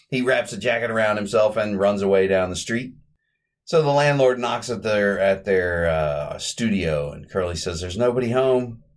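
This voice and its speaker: A man's voice: fairly low pitch, unhurried. A man hosting a podcast, chatting casually through an old comedy short in a rambling way and correcting himself as he goes. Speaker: podcast host. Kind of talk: casual podcast film recap.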